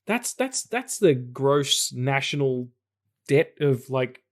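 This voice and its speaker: A man's voice: mid-range voice, very animated, slow. A man guesting on a podcast in casual chat, loose and sweary, often rambling.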